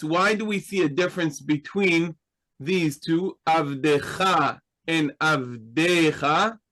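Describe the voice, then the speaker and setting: Slow, patient male language teacher. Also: fairly high pitch, fairly bright tone, rough recording. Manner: patient, explanatory, asks questions. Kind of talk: slow, deliberate Hebrew grammar lesson.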